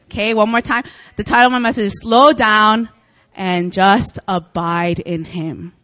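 A young woman preacher giving a casual sermon, chatty and animated, often laughing as she tells stories. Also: medium pitch, a little slow, no echo. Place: church meeting room.

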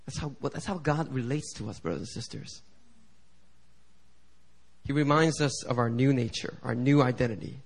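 A middle-aged man preaching a sermon as pastor. He swings from quiet asides to loud, climbing appeals and acts out the prayers he quotes. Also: mid-range voice, normal speed, gravelly, pauses often. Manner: preaching with big swings in volume, building to shouted climaxes; acts out quoted voices and prayers in shifting tones.

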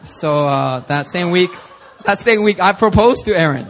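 A young adult man preaching, telling a personal story with lively energy and acting out the people he quotes. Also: sits high, moderate pace, a little hiss or hum. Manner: animated storyteller, acts out quoted voices. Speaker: pastor.

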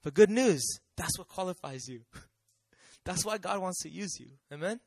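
A man's voice: high voice, lively intonation, normal speed, creaky, darkish tone, husky, dry recording. A man preaching a sermon in a conversational way, often asking the audience questions and acting out quotes.

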